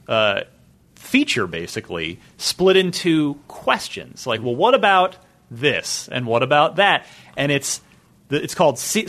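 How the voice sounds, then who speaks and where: A man hosts a casual gaming podcast. His voice is bright and lively, rising and falling a lot as he chats. He runs the show's segments in an easygoing way. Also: a little high. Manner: animated, chatty, plugs segments. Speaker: podcast host.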